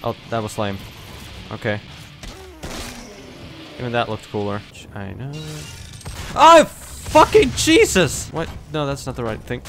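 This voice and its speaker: Playing a shooter for the first time on stream, this young man keeps up casual commentary, jumpy and yelping at scares while cursing heavily. He ribs himself and answers back to enemies, speaking in a lowish voice at a moderate pace with frequent pauses. Music plays in the background.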